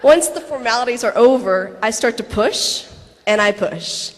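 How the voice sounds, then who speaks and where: A woman in her thirties reads a personal story aloud before a convention audience. She tells it with laughing asides and quick acted quotes. The sound rings with the long reverb of a large hall. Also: on the high side, expressive. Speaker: actress reading a personal letter on stage.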